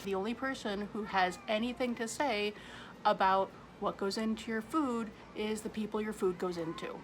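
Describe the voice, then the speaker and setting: A woman's voice: mid-range voice, moderate pace, background noise. Self-mocking woman hosting a home cooking vlog. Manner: self-mocking, chatty, laughs often. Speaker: cooking show host. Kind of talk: casual cooking vlog bloopers. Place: home kitchen with a cat.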